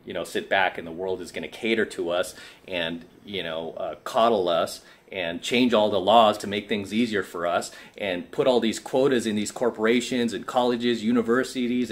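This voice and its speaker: A tired man giving an assertive, preachy coaching monologue to camera, often asking "right?". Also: lowish voice. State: tired from lack of sleep. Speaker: self-help coach.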